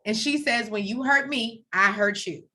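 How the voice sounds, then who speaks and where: Woman, co-host, casual recap chat, bright tone, chatty retelling. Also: on the high side, moderate pace. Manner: chatty, animated retelling with quoted voices.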